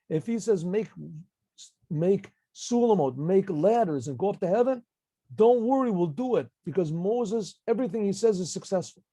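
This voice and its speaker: A man voicing a biblical leader who excitedly rallies a crowd, in a lightly acted retelling. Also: high voice, no echo, voice pushed up. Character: biblical leader rousing a crowd, male adult.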